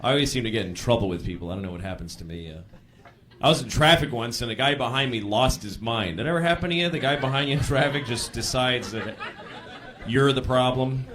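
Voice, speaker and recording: A man's voice: mid-range voice, quick pace, a bit bright. A man performing stand-up comedy, telling stories in a conversational, exasperated way and acting out the people in them. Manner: conversational, exasperated storytelling with acted-out voices. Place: comedy club stage. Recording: live comedy club audience laughing.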